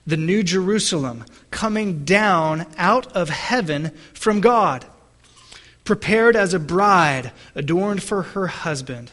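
A man preaching a sermon, reading scripture aloud and asking the congregation questions, shifting between slow, stressed phrases and quick asides. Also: high-pitched, animated. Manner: asks the congregation questions, varies pace and loudness. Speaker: pastor.

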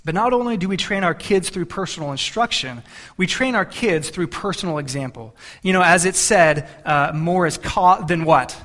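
A man's voice: high-pitched, normal speed, a bit bright. A man in his thirties, a pastor delivering a sermon in an earnest, conversational way with frequent restarts.

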